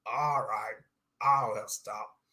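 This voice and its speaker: A man's voice: lowish voice, steady tone, slow, pushed and bright, heavily acted. A man voicing a boastful, murderous male pirate captain who taunts in sea-dog slang and chuckles as he talks.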